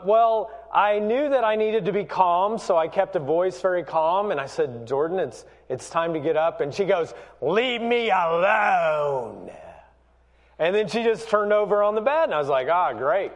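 A man's voice: sits high, highs cut off. A pastor in his forties tells a family story in a conversational sermon, asking the congregation for a show of hands. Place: church sanctuary. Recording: long hall reverb.

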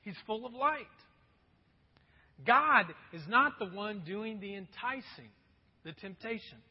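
A male pastor preaches in a relaxed, conversational way and keeps asking the congregation questions. His voice is high and a little husky. The recording is dull and lo-fi, with a long reverb from the church hall. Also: slow pace. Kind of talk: sermon.

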